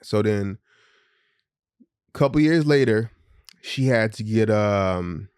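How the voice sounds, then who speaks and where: A man's voice: fairly low pitch, expressive, slow, darkish tone, smooth, dry recording, clean studio sound. A middle-aged man co-hosting a podcast, candidly telling a personal story in casual, profane speech and acting out the voices of the people in it. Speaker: podcast co-host.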